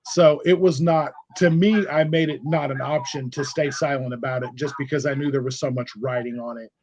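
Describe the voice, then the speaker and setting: A man's voice: medium pitch, fairly even intonation, a little fast, darkish tone. A man in his forties, a podcast guest telling his story in a frank, emphatic, conversational way. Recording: dull lo-fi audio with faint noise.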